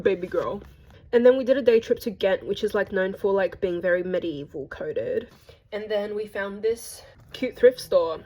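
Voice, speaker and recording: A woman's voice: medium pitch, mellow. A young Australian woman narrating a casual travel vlog in a chatty, gossipy way with playful slang. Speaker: vlogger.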